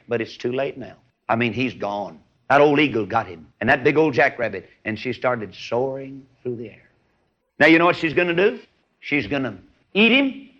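A man preaching, telling a folksy animal story with animated delivery. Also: medium pitch, lo-fi sound. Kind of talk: sermon storytelling.

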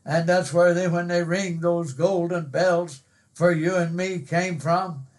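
A man's voice: high-pitched, fairly even intonation, takes it slowly. A man pastor delivering a fervent sermon, repeating phrases and rising into cries.

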